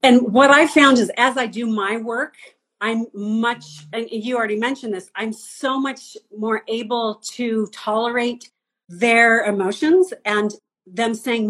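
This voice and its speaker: A woman's voice: fairly high pitch, steady tone, measured pace, a bit bright. A woman hosting a casual conversation, affirming her guest with enthusiasm. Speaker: host.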